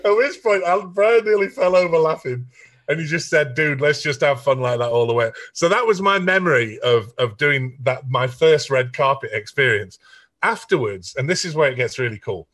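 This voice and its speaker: A middle-aged man with a Sheffield accent, a songwriter telling animated anecdotes in an interview and acting out the people he quotes. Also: a little high, normal speed. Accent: Sheffield English. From England. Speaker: songwriter guest. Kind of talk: storytelling interview.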